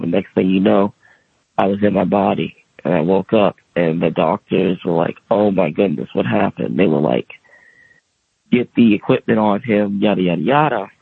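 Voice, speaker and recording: Gravelly-voiced man telling his story. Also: fairly low pitch, dry recording. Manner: animated, acts out quoted voices. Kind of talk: casual storytelling. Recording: tinny phone-like radio audio.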